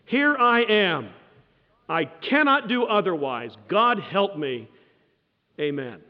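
A lecturer quoting a defiant monk-professor on trial, slow and solemnly firm, in a dull echoing hall. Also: male voice, high voice, sing-song, pitched above the performer's own voice, heavily acted. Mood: solemn defiance. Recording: dull lo-fi sound in a reverberant hall.

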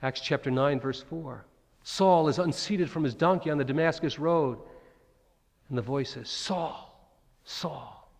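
A man's voice: a little high, normal speed, a little mellow. A man preaching a sermon, dramatically acting out the cries of Bible figures. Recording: long hall reverb.

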